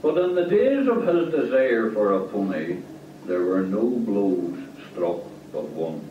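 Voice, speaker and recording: A man reading a story aloud slowly and deliberately. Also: on the low side, very animated, a little hiss or hum. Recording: distant, echoey, dull lo-fi.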